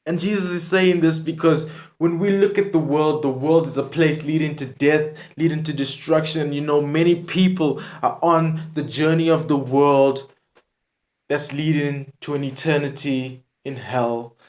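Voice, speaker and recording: A man's voice: on the high side, steady tone, a little slow, darkish tone. A man delivering an earnest spoken word sermon to a video audience, pleading and repeating his points. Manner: earnest, repetitive, pleading address to the viewer.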